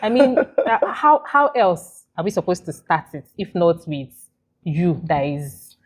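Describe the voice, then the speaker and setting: Nigerian woman host, slightly low voice, playful and emphatic, hypes up her guest. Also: very animated, a little slow, a little mellow. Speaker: podcast host. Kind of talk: hyped podcast introduction.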